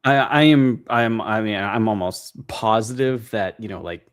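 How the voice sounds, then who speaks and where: A man's voice: fairly low pitch, normal speed, clear, resonant tone. A man, co-hosting a casual podcast, easygoing and hesitant, with many ums and frequent laughs. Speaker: podcast co-host. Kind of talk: casual chat.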